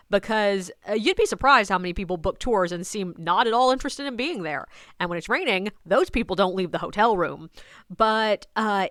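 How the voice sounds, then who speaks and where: A woman's voice: medium pitch, a bit bright, clean tone, no echo, studio quality. A woman, a ghost tour guide, telling a personal story in a casual, wry way and acting out her own replies. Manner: conversational, wry, quotes herself.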